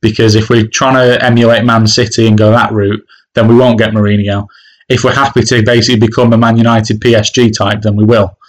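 A man's voice: lowish voice, little pitch movement, a little fast, low-quality recording. A man co-hosting a casual football podcast, talking with frequent restarts and fillers. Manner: hesitant, many restarts and fillers. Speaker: podcast co-host, football fan.

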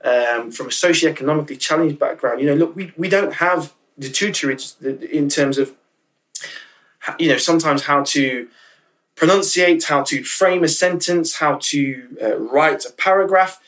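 A man's voice: fairly high pitch, moderate pace, fairly bright tone, far from the mic, rough recording. A man speaking as a podcast guest, candid and emotional, often restarting and repeating words as he talks. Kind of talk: casual interview chat.

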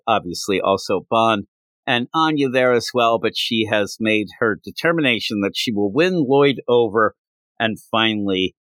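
A man's voice: mid-range voice, a bit bright, no room sound. Male podcast host, enthusiastic rambling recap, dead dry recording. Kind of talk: casual manga chapter recap.

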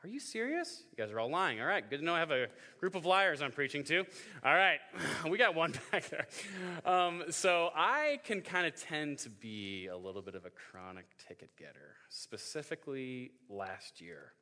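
A youth pastor in his twenties gives a joking sermon to a youth group, telling stories and acting out voices. His voice is a little high, expressive and sharp in tone, at a moderate pace, with hall reverb on the recording.

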